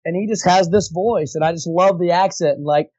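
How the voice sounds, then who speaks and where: A man, a voice actor guest, telling an animated, chatty story in a podcast interview. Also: high-pitched, brisk, no room sound, dull audio. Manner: animated, chatty, slips into impressions.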